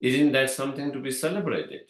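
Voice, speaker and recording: A man whose first language is Tibetan, giving a dharma talk in a slow, halting way with many fillers and repeated words. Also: mid-range voice, fairly even intonation. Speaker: Buddhist teacher. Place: meditation hall. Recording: echoey room.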